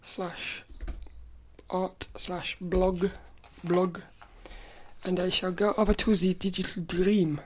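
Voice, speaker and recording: A woman's voice: lowish voice, flat delivery, slow pace, slight background noise. A woman hosting her own podcast in casual solo chat, rambling and stopping to restart her sentences. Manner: rambling, stop-start, self-correcting. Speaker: podcast host.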